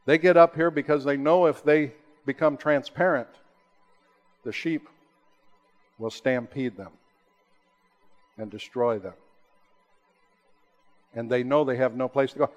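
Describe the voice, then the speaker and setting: A man preaching a sermon, rising to emphatic high peaks and then dropping to slow, hushed, low lines. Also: highs cut off. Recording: long hall reverb.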